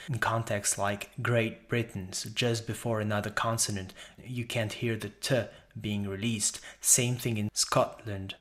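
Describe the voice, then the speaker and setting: A man working as an accent coach, explaining pronunciation points in a measured, methodical way with frequent short pauses. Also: on the low side, a bit bright.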